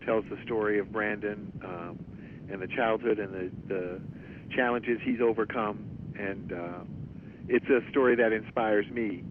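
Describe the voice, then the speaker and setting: Man, podcast host, low voice, tinny phone line, rumbling background noise, earnest questions. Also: fairly even intonation, unhurried. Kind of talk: interview questions.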